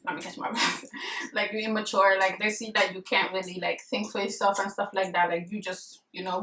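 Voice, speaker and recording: Chatting to camera, a young woman offers blunt, emphatic marriage advice, rambling and full of fillers. Her mid-range voice sounds bright and forceful. There's slight background noise, an echoey room, and some distance from the mic.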